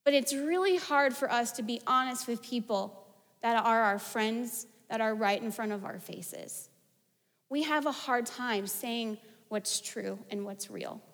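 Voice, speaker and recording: A woman in her thirties delivers a sermon with a high, bright pitch. She talks in an animated, conversational way, full of stories and casual asides. Her voice rings out with a long hall reverb behind it. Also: a little slow. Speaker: preacher.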